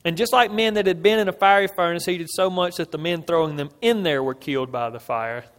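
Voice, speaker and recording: A man with a somewhat raised voice preaches an expository sermon, telling the story earnestly and building emphasis point by point. He checks in with listeners with a quick "right?" His voice rings with the long reverb of a large sanctuary. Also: sits high, fairly bright tone.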